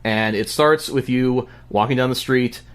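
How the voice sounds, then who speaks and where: A man telling a story on a podcast in an animated way, with lots of stammering restarts. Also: mid-range voice, measured pace, smooth. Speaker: podcast guest. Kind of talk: casual podcast chat.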